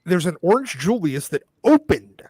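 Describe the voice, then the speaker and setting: A man's voice: high-pitched, sing-song, moderate pace, dark tone, husky, dry recording. A man from the Pittsburgh area ranting emphatically in a casual live-stream chat, with profane asides. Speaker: show regular, commentator.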